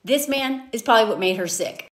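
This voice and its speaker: Lively, sarcastic woman from the South. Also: on the high side, a little fast. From American South. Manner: animated, sarcastic, quoting characters in exaggerated voices. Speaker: commentator. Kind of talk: casual commentary.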